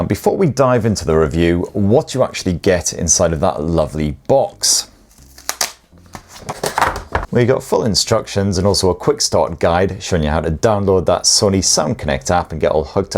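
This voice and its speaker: A British man with a notably deep, low voice reads through a product review. He keeps it scripted but wry, dropping jokes and casual slang as he goes. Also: darkish tone. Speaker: tech reviewer.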